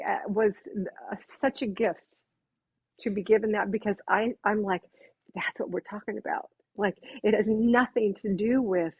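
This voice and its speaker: A woman with a husky, breathy voice tells a personal story from her working life, heartfelt and animated whenever she quotes someone. Her voice comes through a narrow, tinny phone-like line. The sound is dry and close, with no room around it. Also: mid-range voice, no echo. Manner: heartfelt, animated when quoting others. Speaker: makeup artist guest.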